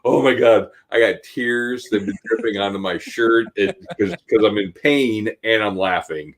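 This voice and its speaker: A man in his forties, co-hosting a podcast, telling an animated, laughing personal story in casual chat. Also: fairly low pitch, normal speed, slight background noise. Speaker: podcast co-host.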